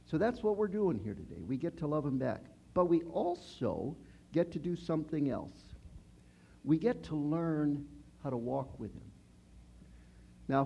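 A man's voice: fairly high pitch, gravelly, warm tone, lo-fi sound, a little hiss or hum. A man in his sixties preaching a conversational sermon, chatty, asking the congregation questions. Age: 60s.

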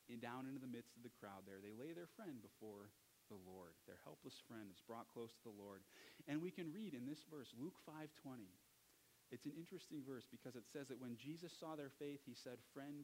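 A man's voice: medium pitch, darkish tone, a little hiss or hum, poor audio. A man preaching a sermon as pastor, conversational and unscripted, stumbling and correcting himself now and then. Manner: conversational, with restarts and self-corrections.

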